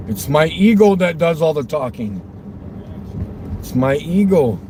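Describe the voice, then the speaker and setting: High, animated man, teasing car vlogger, loud road noise. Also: a little slow. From Westchester County, New York. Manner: provocative, teasing, laughs often. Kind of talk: rambling car vlog talk.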